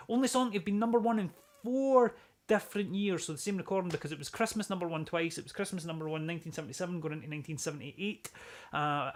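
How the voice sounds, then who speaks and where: A man from Scotland hosting a live-streamed music show, casually reading out viewer comments, joking and breaking into bits of song. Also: on the high side. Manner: chatty, jokey, swears, sings snatches of songs.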